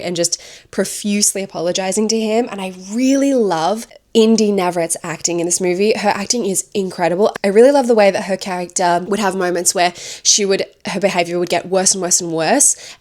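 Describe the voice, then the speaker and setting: A woman's voice: on the low side, a little fast. A woman reviewing a horror film, chatting enthusiastically as she retells its plot scene by scene.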